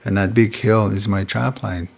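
Man, low voice, gravelly, storyteller, from Canada, unhurried, repeats words. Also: steady tone. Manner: unhurried, repetitive, ends phrases with "eh?". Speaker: storyteller teaching traditional star stories. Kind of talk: casual storytelling conversation.

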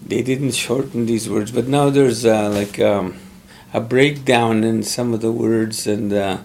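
Brief: middle-aged man, gravelly, unhurried, thoughtful interviewee. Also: mid-range voice, fairly even intonation, a little mellow, slight background noise. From Pimicikamak Cree Nation, Canada. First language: Cree. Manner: measured, thoughtful, pauses often to find words. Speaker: interviewee, former Cree teacher. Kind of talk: conversational interview.

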